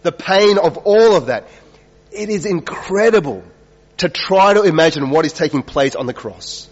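A man preaching a sermon, earnest, with rhetorical questions and swings between loud emphasis and quiet, slow lines. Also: fairly high pitch, lively intonation. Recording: dull, reverberant hall sound.

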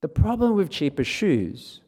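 A man's voice: on the high side, very animated, unhurried, darkish tone, husky. A man preaching a sermon, reading scripture aloud and acting out the quoted lines in a raised voice. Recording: long hall reverb.

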